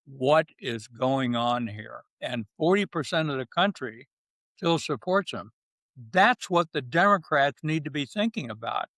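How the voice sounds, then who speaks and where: A man's voice: medium pitch, lively intonation, a little slow, fairly bright tone, dry recording. An older man, a retired general, speaking bluntly and emphatically in an interview, with short punchy phrases. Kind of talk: candid interview talk.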